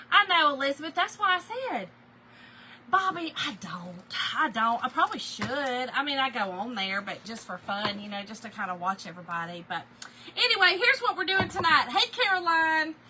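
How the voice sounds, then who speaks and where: Folksy high bright woman. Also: slight background noise, poor audio. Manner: folksy, greets viewers by name in a sing-song lift. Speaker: livestream host. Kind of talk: chatty live stream greeting viewers. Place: home.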